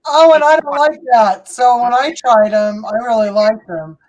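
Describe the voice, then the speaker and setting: A woman's voice: on the high side, normal speed, a little mellow, poor audio. A woman in a casual panel chat, talking chattily with frequent hesitant fillers.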